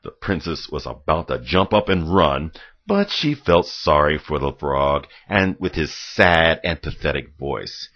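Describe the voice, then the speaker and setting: A man reads a children's storybook aloud in a calm, careful way. His voice is deep and bright, and his pace is slow. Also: highs cut off. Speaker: reader.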